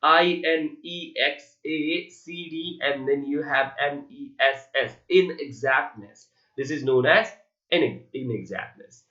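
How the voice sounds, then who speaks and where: A man with an Indian English accent delivers an online literature lecture in a bright, forceful voice that sits a little high. He spells terms letter by letter and keeps putting questions to his learners. The recording is echoey and muffled. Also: takes it slowly. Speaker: teacher. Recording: echoey room, muffled lo-fi sound.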